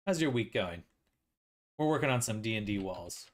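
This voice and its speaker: In a casual livestream, a man mutters to himself while working on a building project. His lowish voice is animated and moves at a moderate pace.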